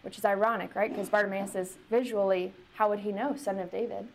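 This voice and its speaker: A woman's voice: medium pitch, steady tone, brisk, a little hiss or hum. A woman pastor giving a conversational sermon, often asking the congregation questions.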